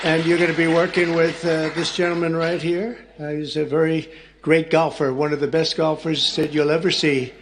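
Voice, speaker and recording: A man's voice: a little high, level tone, moderate pace. An older man giving off-the-cuff public remarks in a large formal room, rambling and teasing his guests. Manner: rambling, digressive, teasing asides. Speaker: speaker at an official event. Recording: crowd murmur and room noise from an archive clip. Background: crowd of guests, background noise.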